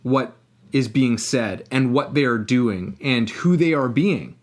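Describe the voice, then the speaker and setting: A man's voice: medium pitch, takes it slowly. A man co-hosting a casual podcast, talking reflectively and thinking aloud as he goes. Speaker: podcast co-host.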